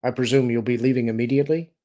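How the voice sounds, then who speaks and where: A man voicing a shrewd, calculating middle-aged smuggler chief who talks smoothly and persuasively in an audiobook. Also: mid-range voice, fairly even intonation, very fast, dark tone, natural voice.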